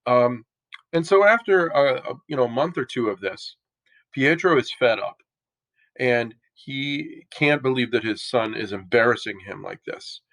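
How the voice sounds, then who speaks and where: A man giving a lecture as a casual story, talking in a relaxed, conversational way with slangy asides. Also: mid-range voice, measured pace, poor audio.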